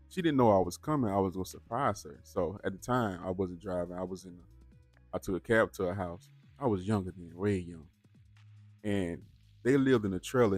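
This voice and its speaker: A man's voice: sits low, a little mellow, dry recording. A man hosting a reaction channel, talking casually and straight to his viewers, often repeating words as he goes. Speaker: host of a bodycam reaction channel.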